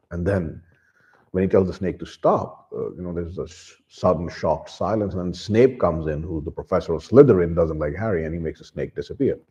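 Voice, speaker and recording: A man with a low, mellow voice retells a story's plot in a loose, rambling way, stopping to restart his sentences. The recording is dull and lo-fi. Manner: rambling, with many restarts and fillers. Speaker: book reviewer.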